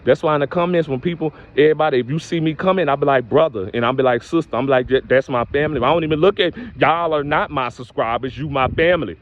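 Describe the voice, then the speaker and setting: A man's voice: quick pace, few pauses, muffled recording. Preachy young man venting to camera. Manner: preachy, repetitive catchphrases, rising to high exclamations. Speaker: vlogger. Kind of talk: casual direct-to-camera rant.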